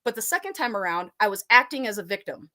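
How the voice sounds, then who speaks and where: A woman's voice: mid-range voice, sing-song, fast, pushed and bright. A woman guest, a haunt actor and burlesque performer, telling stories in casual chat, giggly and rambling, swearing freely.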